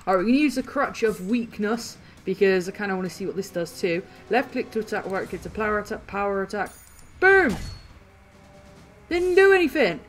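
A woman hosting a gaming channel, chatting excitedly through casual gameplay commentary and laughing often. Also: medium pitch, quick pace, hardly any pauses, faint music behind.

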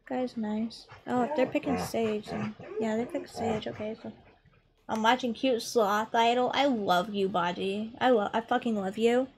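A young woman with a high, bright voice streams a game from home, chatting in a playful, unhurried way. She swears freely and talks to her pet between rounds, over a faint hiss of background noise. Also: fairly even intonation. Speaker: live streamer. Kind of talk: casual live-stream chat while gaming.

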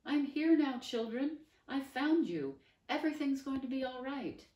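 A woman voicing a cheery grown woman with a bright, reassuring manner. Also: high voice, animated, a little slow, roomy sound, muffled recording, voice pushed up.

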